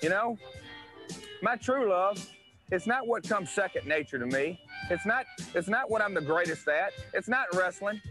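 Man doing a bragging country-singer wrestler, Tennessee twang, high-pitched, loud guitar music behind, archival clip. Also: lively intonation, moderate pace. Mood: cocky boastful. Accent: Southern US (Tennessee). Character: cocky, boastful male country-singer wrestler. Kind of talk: wrestling promo vignette.

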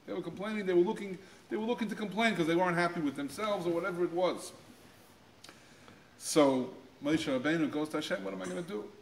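Male guest speaker, slightly higher voice, teaching Torah to teens, animated with quotes, repeats words, reverberant school space. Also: fast talker, gravelly, a little hiss or hum. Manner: acts out quoted voices with pitch jumps; repeats words while finding phrasing. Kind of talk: Torah talk to high school students. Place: school room.

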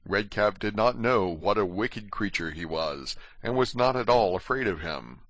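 A man in his fifties reading a fairy tale aloud as narrator, in a measured storytelling manner. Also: on the low side, expressive, a bit bright, no echo.

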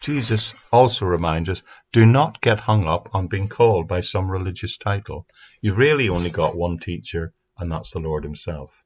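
A man teaching a Bible passage on his podcast in an earnest, steady way. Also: low voice, moderate pace, slightly rough, muffled recording. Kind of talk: recorded Bible study podcast. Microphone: speaking into a mic.

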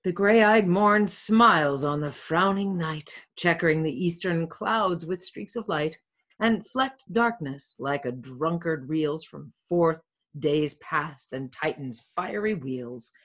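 A woman reading a play's lines aloud in a casual home session, plain and unhurried, pausing now and then to check a word. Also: deep voice, expressive, fairly bright tone. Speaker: reader, teacher's relative. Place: home room. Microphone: desk mic.

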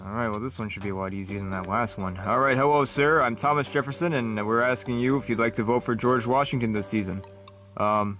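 A man's voice: mid-range voice, fast, fairly bright tone, faint music behind. A man performing a scripted comedy sketch, switching between goofy character voices. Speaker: comedy sketch creator voicing several characters.

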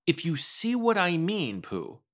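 A man reading a storybook aloud and voicing a small, timid young male pig in a raised, squeaky voice. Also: huge pitch swings, measured pace, a bit bright, heavily acted. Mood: eager.

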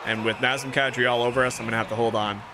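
Excitable man calling game action. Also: medium pitch, rapid-fire, noisy background. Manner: excitable play-by-play, rising to shouts. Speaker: gaming streamer. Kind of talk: video game commentary. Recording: music playing clearly behind.

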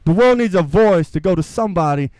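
A man preaching as a pastor repeats rhetorical questions, calls for amens and uses informal, earnest phrasing. His high voice is expressive, fairly quick and darkish in tone. There's no room sound, and the recording is low quality.

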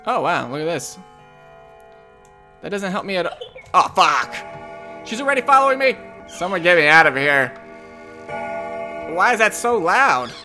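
A man's voice: high voice, big pitch swings, normal speed, long pauses, pushed and bright, faint music behind. A man commentating a horror game, jumpy and jokey, swearing often as he panics. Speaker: gamer.

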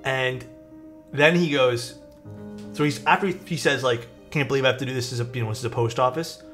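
Animated young man telling a story. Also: mid-range voice, brisk. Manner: animated, acts out quoted people. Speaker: streamer. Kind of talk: casual storytelling to chat. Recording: faint music behind.

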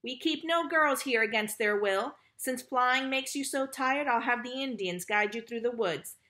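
A woman's voice: a little high, normal speed, pushed and bright. A woman voicing a proud boy who never grows up, speaking coolly and bitterly.

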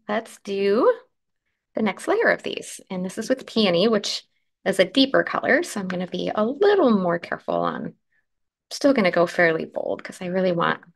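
Croaky-voiced woman hosting a craft demo. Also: medium pitch. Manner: chatty, explains steps while working, answers comments. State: croaky morning voice. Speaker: craft livestream host. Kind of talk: casual live crafting demo.

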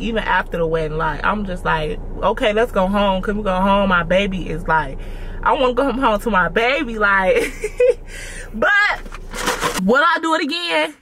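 A woman's voice: medium pitch, sharp tone, slight background noise. A young woman chatting casually to her viewers, calling them y'all. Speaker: vlogger. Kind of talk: casual mukbang chat to viewers.

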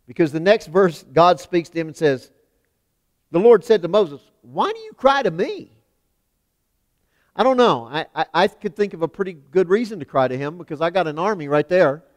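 A man preaching a sermon in a church, emphatic, swinging from loud declarations to hushed lines. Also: a little high, expressive, fairly quick. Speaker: pastor. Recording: long hall reverb.

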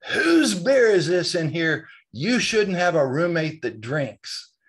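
A man voicing his stern, angry preacher father, scolding slowly and emphatically. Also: medium pitch, lively intonation. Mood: indignant. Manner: indignant, scolding, slow and emphatic.

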